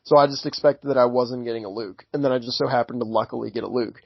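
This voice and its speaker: A man's voice: mid-range voice, fast talker, creaky, dry recording. A man co-hosting a podcast, arguing his view earnestly and carefully, often restarting his sentences. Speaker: podcast co-host. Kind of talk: casual podcast chat. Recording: dry, dull lo-fi audio.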